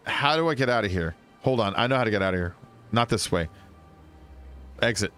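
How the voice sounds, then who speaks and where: A man's voice: lowish voice, lively intonation, a little fast, a bit bright, faint music behind. A man casually commenting on a video game as he plays, chatty and rambling. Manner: chatty and rambling, with frequent fillers and laughs. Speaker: gaming streamer. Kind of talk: casual let's-play commentary.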